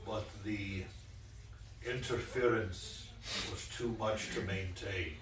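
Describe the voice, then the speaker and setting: A man's voice: fairly low pitch, steady tone, slow pace, fairly bright tone. A man narrating a tabletop game as game master, casual and rambling with many fillers. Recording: roomy echo from a distant mic.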